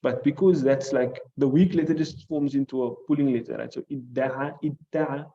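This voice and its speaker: Teaching hadith and Arabic grammar, a South African-accented Islamic studies teacher explains patiently, repeats essentials, and keeps asking "right?". His voice is mid-range and warm, a little fast, with the highs cut off in the recording.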